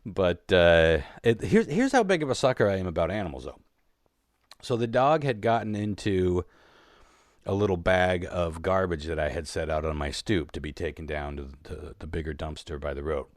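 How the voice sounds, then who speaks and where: A man's voice: low-pitched, animated, normal speed, dry recording, studio quality. A man co-hosting a podcast, telling a long story in a rambling, profane, casual way and laughing as he goes. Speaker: podcast co-host.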